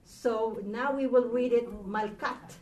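Woman teaching a class, slow and patient, slightly high voice, roomy classroom from a distance, faint noise. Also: fairly even intonation, a little mellow. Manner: patient, asks the class questions. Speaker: Hebrew teacher. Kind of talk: classroom lesson.

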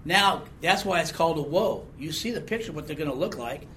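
A man's voice: on the high side, expressive, fairly quick, a bit bright, slight background noise. A man preaching a sermon, talking conversationally and asking the congregation questions with a frequent "okay?". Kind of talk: sermon Bible teaching.

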